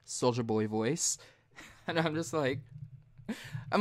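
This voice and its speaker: A young man hosting a casual late-night podcast, retelling a story in a profane, heated way. He jumps high and loud when he imitates himself. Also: takes it slowly, pauses often. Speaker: podcast host.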